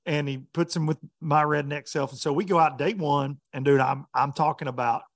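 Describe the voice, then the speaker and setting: A man, a professional bass angler, telling a story in casual chat with laughs along the way. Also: steady tone, normal speed, no room sound, clean studio sound.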